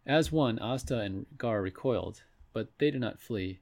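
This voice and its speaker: A man reading a fantasy story aloud in a measured way, with a few restarts. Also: medium pitch, animated, darkish tone. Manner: measured, with occasional slips and restarts. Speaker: narrator. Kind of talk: storybook read-aloud narration.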